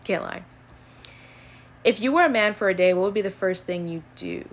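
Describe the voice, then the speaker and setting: A young woman casually answering would-you-rather questions on her own channel, chatty and animated, with plenty of fillers. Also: mid-range voice, fast talker. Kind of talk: casual chat.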